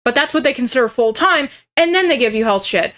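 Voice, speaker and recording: Streamer, woman, 20s: bright, forceful voice, heated and foul-mouthed. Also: high-pitched, lively intonation, fast talker. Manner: profane and heated, mocking. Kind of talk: ranting reaction commentary.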